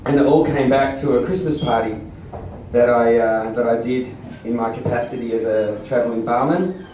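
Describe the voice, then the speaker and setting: A man's voice: mid-range voice, steady tone, moderate pace, warm tone, a little hiss or hum. Man, stand-up comic, rambling and crude, very echoey room, distant camera. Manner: rambling, many ums and uhs, crude and self-mocking. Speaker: stand-up comedian. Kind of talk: stand-up storytelling. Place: small comedy venue, audience laughing. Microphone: far camera. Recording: echoey room, taped from far off.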